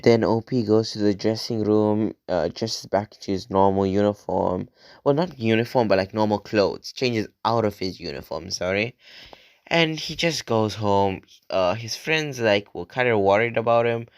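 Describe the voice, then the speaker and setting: A young man retelling a story in a relaxed, casual way, often tagging sentences with "right?". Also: lowish voice, measured pace, clean tone, no room sound. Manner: relaxed, frequent "like" and "right?" tags. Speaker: channel host retelling an online post.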